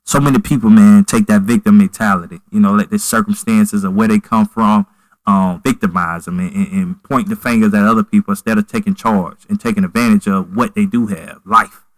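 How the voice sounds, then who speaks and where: A man with a fairly low voice hosts a casual podcast chat. He rambles warmly and loosely, leaning on fillers like "you know" and "man." The sound is dry and close. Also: steady tone, fairly quick, dry recording, rough recording.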